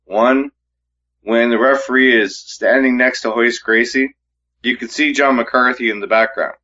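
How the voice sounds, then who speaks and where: A man's voice: mid-range voice, steady tone, measured pace, sharp tone. A man co-hosting a casual fight-sports podcast, conversational and asking questions. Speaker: podcast co-host. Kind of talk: casual MMA talk. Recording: dull lo-fi mic.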